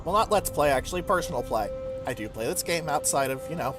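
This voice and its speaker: A man's voice: a little high, lively intonation, quick pace, over music. A man giving casual, chatty commentary over his strategy game let's play, swearing now and then. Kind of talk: gameplay commentary.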